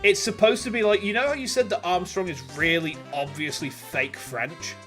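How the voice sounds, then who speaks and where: A man's voice: high-pitched, moderate pace, fairly bright tone. A man streaming a game, giving chatty, casual commentary and laughing often. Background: game music.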